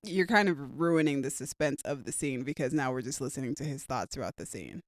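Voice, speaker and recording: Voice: mid-range voice, expressive, a little fast, no room sound, studio quality. A co-host of a casual movie review podcast, talking things through thoughtfully with lots of "like". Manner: thoughtful, hedging with "like".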